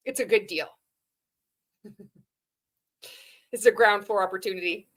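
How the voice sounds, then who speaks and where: A woman's voice: medium pitch, measured pace, long pauses, fairly bright tone. A woman giving sarcastic reaction commentary, profane and mocking, laughing often and mimicking sales scripts.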